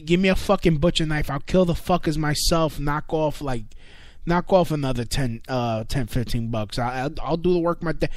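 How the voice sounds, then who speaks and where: This is a podcast host, a man running a casual online radio show who rants comedically, swearing a lot and rambling with many fillers, stumbles, and restarts. He speaks with a fairly high pitch, recorded in studio quality without any room sound.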